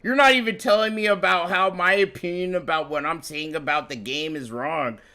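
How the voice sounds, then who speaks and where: American dude ranting at chat, swearing nonstop, kinda high and bright voice. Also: male voice, normal speed. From United States. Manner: profane, rambling, confrontational. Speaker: stream commentator. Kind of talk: heated live-stream rant.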